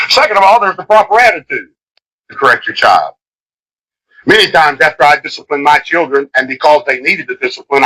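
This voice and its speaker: A middle-aged man preaching a sermon in an impassioned way, swinging from shouts to hushed lines. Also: fairly high pitch, low-quality recording. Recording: old cassette tape of a live sermon.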